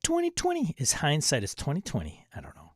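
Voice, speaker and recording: A man's voice: fairly high pitch, wildly swooping pitch, brisk, no echo, clean studio sound. Chatty man hosting a tabletop stream. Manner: chatty, reads viewer comments aloud and jokes around. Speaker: livestream host reading chat. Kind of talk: casual chat.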